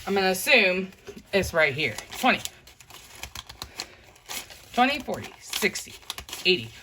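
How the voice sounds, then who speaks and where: A woman vlogging casually to her viewers, counting bills out loud and chatting about her budget, often saying "you guys". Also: lowish voice, slight background noise. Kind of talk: casual talk to camera while counting cash.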